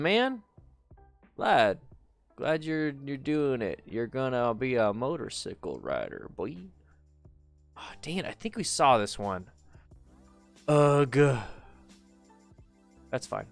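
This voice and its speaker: A man hosts a relaxed live stream from his desk, sounding tired after a nap as he greets viewers by name. His voice is smooth and clear, and he rambles between hums. Soft music plays faintly underneath. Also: medium pitch, no echo. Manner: loose and chatty, greeting viewers, humming to himself. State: tired, just woke up. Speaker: motorcycle channel host. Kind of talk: casual live stream chat.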